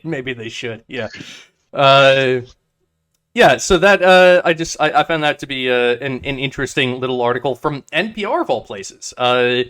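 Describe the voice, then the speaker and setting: Animated rambling podcast man. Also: mid-range voice, moderate pace, no echo, studio quality. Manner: rambling, many restarts and swearing, animated retellings. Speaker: podcast co-host. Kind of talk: casual chat.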